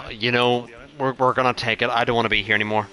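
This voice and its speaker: A man live-streaming a racing game, talking to his chat, excitable and foul-mouthed, swinging from yelling to muttering. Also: medium pitch, a little fast. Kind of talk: live gaming commentary to chat.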